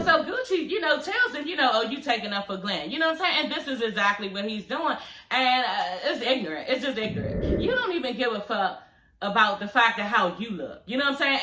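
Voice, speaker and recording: A woman's voice: a little high, background noise. A young woman recapping a reality show in a blunt, sassy rant, swearing freely and laughing often. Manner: sassy and blunt, swears freely, laughs often, many "you know what I'm saying" tags. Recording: echoey room.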